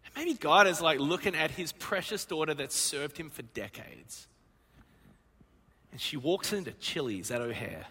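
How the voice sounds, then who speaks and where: A male pastor preaching a sermon, telling a story in an animated way and acting out the voices in it. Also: on the high side, normal speed, breathy edge. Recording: long reverb of a church hall.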